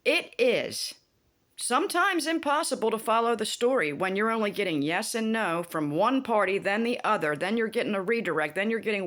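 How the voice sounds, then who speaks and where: A woman's voice: mid-range voice, fairly quick. Woman ranting animatedly, swearing freely. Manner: animated, profane, indignant. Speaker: vlogger. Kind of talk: casual rant about a TV show.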